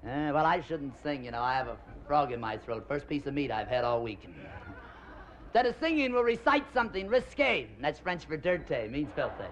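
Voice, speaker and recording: A man doing a stand-up comedy routine, rambling through bawdy jokes and quick voice changes. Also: a little high, very animated, some chatter behind. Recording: dull lo-fi old comedy record with faint hiss.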